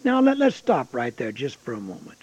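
An older man preaching a folksy sermon, reading scripture and telling stories, swinging from loud exclamations to hushed asides. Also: mid-range voice, wildly swooping pitch, fairly quick, breathy edge, no echo. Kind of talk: expository sermon. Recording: dull lo-fi sound.

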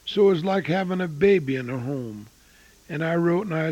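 An older man preaching an evangelistic sermon and telling his own testimony, swinging between booming and hushed. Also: expressive, normal speed, poor audio.

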